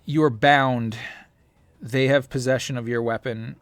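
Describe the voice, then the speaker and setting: A man's voice: medium pitch, fairly even intonation, a little slow, dry recording. A man narrating a tabletop role-playing game as game master, rambling with many fillers.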